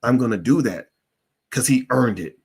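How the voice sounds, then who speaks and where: A middle-aged man hosting a Q&A stream, telling a story in a blunt, profane, animated way. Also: medium pitch, normal speed, breathy edge. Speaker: host of a Q&A stream. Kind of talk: candid storytelling monologue.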